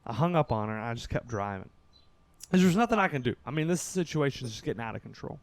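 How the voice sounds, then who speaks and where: Young man, podcast storytelling, lively swooping voice, dry close sound. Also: mid-range voice, fast talker, dry recording. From Kentucky, USA. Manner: animated, acts out quotes, laughs through the telling. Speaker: podcast guest.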